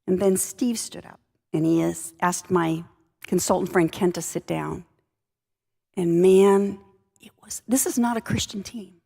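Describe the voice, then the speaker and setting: Woman speaker, low gravelly voice, wry conversational storyteller, echoing hall. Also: measured pace, warm tone. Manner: conversational, wry anecdotal delivery. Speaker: leadership speaker. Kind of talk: storytelling talk. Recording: long reverb of a large hall.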